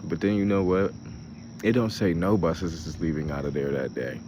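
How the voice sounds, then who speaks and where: A man's voice: low voice, steady tone, moderate pace, background noise. A young man, hosting a casual travel vlog, rambling and swearing as he talks through his frustration and laughs at it. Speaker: show host.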